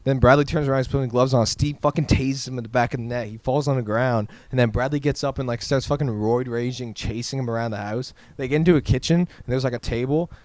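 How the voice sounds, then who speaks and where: A man's voice: mid-range voice, fast talker, few pauses, darkish tone, no room sound. A man co-hosting a casual podcast, telling stories in a loose, profane way with lots of filler words. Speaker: podcast co-host. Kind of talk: casual chat.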